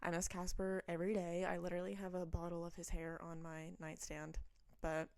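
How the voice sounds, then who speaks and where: A woman's voice: on the low side, completely flat delivery, brisk, darkish tone, clear, resonant tone, no room sound. A young woman who chats casually, wanders into rambling asides and reads stories aloud. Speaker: vlogger reading online stories. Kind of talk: casual chat and reading aloud.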